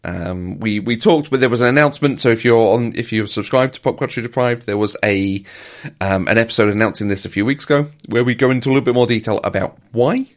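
Man, podcast co-host, casual chat, enthusiastic, mid-pitched voice. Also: fast. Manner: enthusiastic, repeats words, laughs often.

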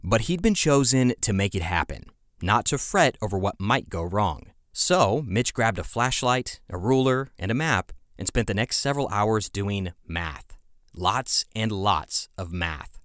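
Low-voiced man narrating history, dry sound. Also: expressive, measured pace, fairly bright tone, dry recording. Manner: conversational storytelling with casual asides. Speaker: podcast host.

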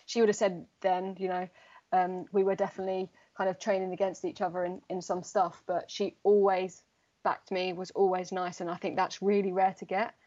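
A woman's voice: mid-range voice, flat delivery, moderate pace, darkish tone, lo-fi sound. A young woman, a footballer, chatting casually in an interview, rambling with lots of fillers. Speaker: footballer guest.

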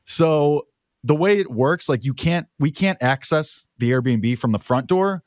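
A man's voice: a little high, expressive, a little slow, no room sound, studio quality. A man on a talk show telling a rambling personal story in casual chat, full of fillers.

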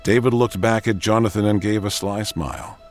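A man giving a measured, dramatic narration of a story. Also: fairly low pitch, music in the background.

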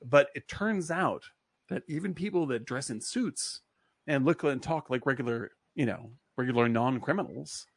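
Husky guy rambling about a movie, says like a lot, swears, dry sound. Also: medium pitch, normal speed, no room sound. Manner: rambling, full of "like" fillers, swears freely. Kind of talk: casual film discussion.

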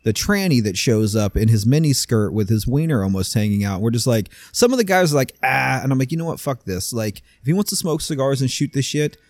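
A man's voice: medium pitch, lively intonation, a little fast, hardly any pauses, a little mellow, no room sound. A man co-hosting a podcast in a warehouse studio, talking bluntly in casual chat, swearing freely and restarting often. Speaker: podcast co-host.

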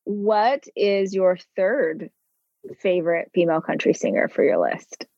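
A woman's voice: on the low side, a little slow, a little mellow, dry recording. A woman hosting an interview, talking with eager, gushing enthusiasm. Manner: enthusiastic, gushing fan talk. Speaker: interviewer, host. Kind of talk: casual interview chat. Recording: dull, dry lo-fi recording.

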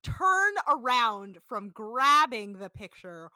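A woman's voice: a little high, sing-song, takes it slowly, sharp tone, no room sound, clean studio sound. A woman co-hosting a casual podcast, animatedly recapping a reality show, laughing and swearing as she tells it. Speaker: podcast co-host. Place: apartment home.

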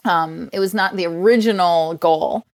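Excited woman with a New Jersey accent. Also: on the low side, normal speed, no echo. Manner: enthusiastic, laughs often. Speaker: guest, children's book author. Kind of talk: casual interview chat.

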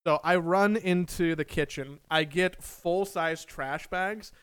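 A young man telling a story in casual chat, animated and self-mocking, swearing freely. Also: fairly high pitch, takes it slowly, smooth, no room sound, clean studio sound.

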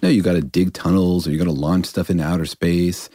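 Deep-voiced physicist guy chatting on a podcast, mellow, playful, dry studio sound. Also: little pitch movement, fast, husky, no echo. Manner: enthusiastic, laughing, playful explainer. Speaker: physicist co-host. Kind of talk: casual podcast chat.

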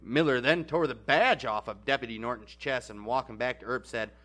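A man's voice: medium pitch, fairly bright tone. A man co-hosting a podcast, retelling history in a profane, joking way. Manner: profane, joking, quick to laugh. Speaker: podcast co-host. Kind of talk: casual history storytelling.

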